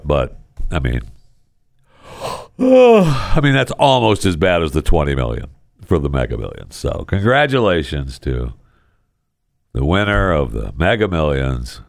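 A man hosting a podcast, telling news stories in casual solo commentary with a sarcastic, animated manner. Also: vocal fry, no room sound, clean studio sound. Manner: sarcastic, animated storytelling with big pitch jumps. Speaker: podcast host.

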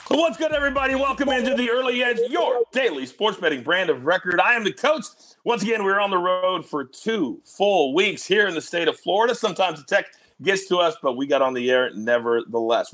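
High, lively man hosting with energy. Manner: animated, joking, quick to tease guests. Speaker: host of a sports betting show.

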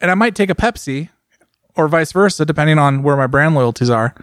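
Animated joking podcast man, slightly high. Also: a little fast, no room sound, clean studio sound. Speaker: podcast co-host. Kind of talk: casual chat.

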